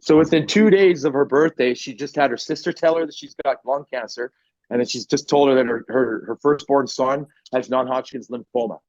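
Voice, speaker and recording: A man's voice: medium pitch, a little fast, darkish tone, dry recording. A man guest on a podcast, telling his story in a blunt, profane, casual way with easy laughs. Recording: dry, slightly muffled podcast audio.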